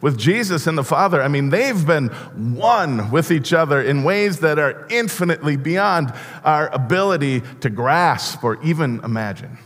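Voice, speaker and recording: A man preaching a sermon as pastor, earnest and halting, often restarting his words. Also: on the high side, lively intonation, a bit bright. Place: church sanctuary. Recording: long church reverb.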